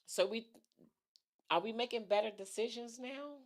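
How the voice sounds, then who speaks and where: A middle-aged woman hosts a casual livestream talk show, reading viewer comments aloud, thinking out loud and repeating her phrases. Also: fairly high pitch, moderate pace.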